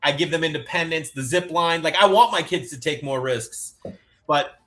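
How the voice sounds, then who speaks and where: A man with a brisk, bright tone tells stories about his kids in easygoing podcast banter. He acts out each person's lines as he goes and curses now and then. His voice sits a touch high for a man. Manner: animated storyteller, acts out quotes, swears freely. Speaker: divorced dad telling stories. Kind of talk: casual podcast chat.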